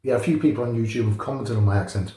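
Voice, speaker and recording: A man's voice: mid-range voice, very fast, dark tone. A middle-aged man from North West England with a Liverpool accent, chatting and joking casually while he shaves. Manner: chatty, jokey storytelling with chuckles. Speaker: shaving channel host. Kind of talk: casual chat while shaving. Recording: echoey room.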